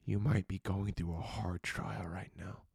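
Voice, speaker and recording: A man preaching a quiet devotional sermon, speaking slowly and deliberately and often sinking into a whisper. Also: sits low, steady tone, gravelly, slightly rough, dry recording, studio quality.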